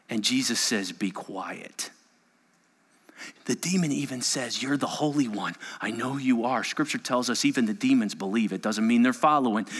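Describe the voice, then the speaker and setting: A man preaching a sermon as pastor, animated, swinging between loud emphasis and hushed asides. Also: mid-range voice. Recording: long hall reverb.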